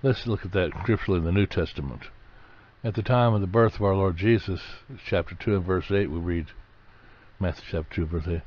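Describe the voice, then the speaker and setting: A man's voice: low-pitched, lively intonation, brisk, no room sound. A man teaching from the Bible in a conversational sermon, plain-spoken and repeating key phrases for emphasis. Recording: dull lo-fi recording.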